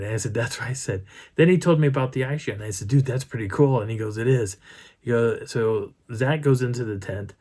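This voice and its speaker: A middle-aged man casually retelling a night-time field encounter in rambling, animated first person, with frequent restarts. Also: mid-range voice. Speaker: Bigfoot researcher telling a field story.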